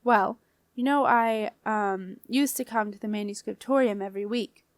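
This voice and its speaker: A woman's voice: mid-range voice, moderate pace, no echo, natural voice. A woman voicing an earnest, uneasy young man who speaks hesitantly and apologetically.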